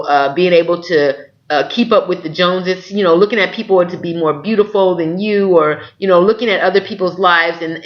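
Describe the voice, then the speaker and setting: A man's voice: on the high side, highs cut off. A man giving a spiritual tarot reading to his viewers, earnest and encouraging, often checking in with "okay?". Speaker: tarot reader.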